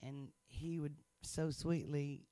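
Gravelly man, chatty and laughing. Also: on the high side, steady tone, takes it slowly, mellow, no room sound. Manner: chatty, laughs often, earnest and playful. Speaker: guest sharing a faith testimony. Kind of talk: casual testimony chat.

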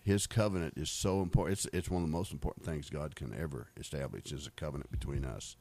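In this casual storytelling testimony, a middle-aged man from the US shares faith stories, rambling along, repeating himself and breaking into laughter. He speaks fast in a deep, rumbling, creaky voice with a somewhat dark tone.

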